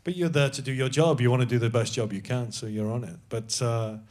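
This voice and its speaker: A man's voice: mid-range voice, fairly even intonation, fairly quick, a little mellow. Laughing man telling stage stories. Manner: laughing storyteller, self-deprecating. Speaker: actor guest. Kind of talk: casual anecdote on a live comedy podcast.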